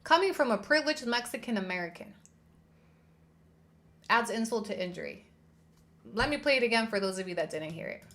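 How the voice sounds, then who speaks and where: A woman's voice: on the high side, lively intonation, a little fast, long pauses, a bit bright. A woman hosting a livestream commentary, indignant and heated, swearing and repeating her points for emphasis. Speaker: host.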